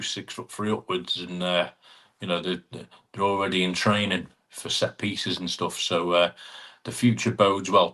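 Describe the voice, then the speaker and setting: A man's voice: lowish voice, fairly bright tone. A man hosting a casual live stream, greeting viewers by name and teasing them in friendly banter. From England (Chester).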